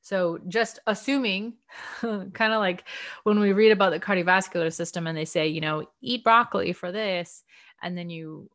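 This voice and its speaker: A woman leading a casual book study discussion, thinking aloud in a chatty, earnest way with soft laughs. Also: lowish voice, steady tone, normal speed. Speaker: study group discussion leader.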